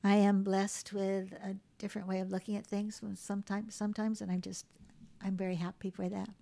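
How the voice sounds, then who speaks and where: A woman author from Hawaii telling lively stories about her mother in a casual interview, acting out the voices of the people in them. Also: mid-range voice, a little fast, vocal fry. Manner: animated storyteller acting out quoted voices. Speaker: memoir author, guest.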